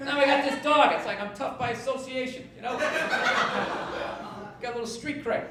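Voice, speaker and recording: A man doing a stand-up comedy set, ranting and profane, swinging from low grumbles to shouted outrage. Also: moderate pace. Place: comedy club stage with audience laughter. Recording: echoey live stage recording from a distance, loud noise.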